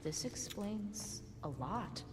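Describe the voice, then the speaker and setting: A woman's voice: mid-range voice, expressive, slow pace. An actress voicing a wry young woman survivor in a game, speaking with dry, wisecracking humor. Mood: amused. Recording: reverberant game audio with loud music.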